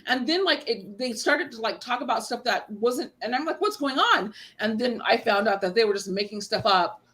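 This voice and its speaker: A woman's voice: on the high side, brisk, fairly bright tone. An American woman telling a long rambling story in casual chat, acting out the people she quotes. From United States. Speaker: guest panelist.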